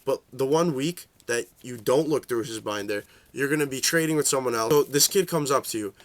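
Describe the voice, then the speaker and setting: A young man giving a casual, rambling rant about trading cards, swearing a lot and filling gaps with "like" and "uh". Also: a little fast. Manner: profane, rambling, full of fillers; shifts into high voices for quoted reactions. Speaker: card game vlogger.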